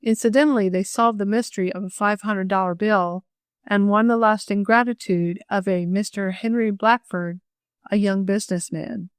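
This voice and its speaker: A woman reading a classic children's novel aloud as an audiobook narrator, clear and measured. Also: mid-range voice, steady tone, no echo, studio quality.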